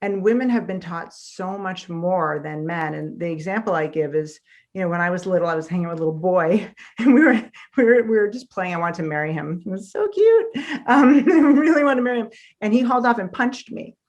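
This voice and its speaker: A woman's voice: lowish voice, fairly quick. A woman author, a guest in a conversational interview, telling stories with animation and acting out the voices she quotes.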